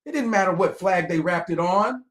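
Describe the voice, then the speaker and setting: A man hosting a livestream and reacting to clips, talking in a loud, profane, animated way that swings between muttering and shouting. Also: high-pitched, fairly quick.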